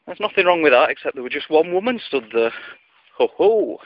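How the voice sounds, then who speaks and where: A man's voice: fairly high pitch, very animated, fairly quick, no echo. A man telling a solo ramble of corny jokes, chatty and mocking himself, on a dull lo-fi recording. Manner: self-mocking, chatty, groans at own puns. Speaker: joke teller.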